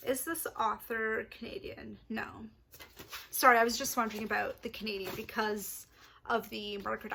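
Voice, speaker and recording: A young woman chatting casually to camera about books she plans to read, excitable and quick to apologise. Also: fairly high pitch, vocal fry. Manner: chatty, excitable, apologetic asides, laughs often. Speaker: book vlogger. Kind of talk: casual book chat to camera.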